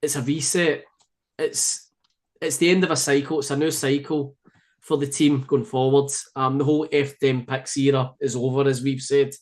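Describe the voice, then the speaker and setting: A man's voice: medium pitch, level tone, normal speed. A man from Scotland with a Glasgow-area accent, chatting easily as a podcast guest with many fillers and restarts. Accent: Scottish, Glasgow area. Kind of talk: casual chat.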